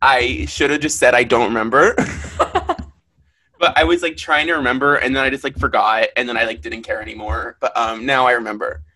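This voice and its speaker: Bright-toned young man, rambling casually. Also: mid-range voice, fairly even intonation, a little fast. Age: young adult. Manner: easygoing, rambling with many fillers. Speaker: podcast co-host. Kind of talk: casual podcast chat.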